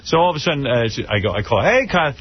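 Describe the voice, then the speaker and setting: A man's voice: medium pitch, expressive, racing. A male radio host in casual studio banter, telling wry, self-mocking stories. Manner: wry, self-mocking storyteller, slips into mimicry. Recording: dry, dull lo-fi radio broadcast.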